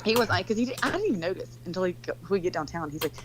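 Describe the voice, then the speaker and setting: A woman's voice: fairly low pitch, animated, rapid-fire, few pauses, crowd noise, rough recording. A woman telling a story in casual chat, rambling and swearing freely, leaning heavily on "like". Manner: rambling, profane, heavy use of "like".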